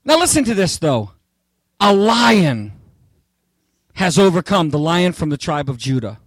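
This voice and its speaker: A male preacher delivers an expository sermon with theatrical energy, joking with his congregation as he reads and explains. His voice sits high and swings widely in pitch. The recording is dry and close, with no room sound. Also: very animated, measured pace, no echo.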